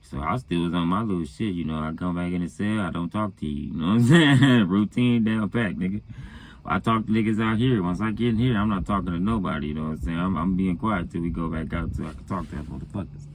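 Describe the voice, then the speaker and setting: A man's voice: low-pitched, fast. A man casually recounting a story in a laid-back, profane way, often chuckling and saying "you know what I'm saying". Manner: chuckles between phrases. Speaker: storyteller recounting his own past.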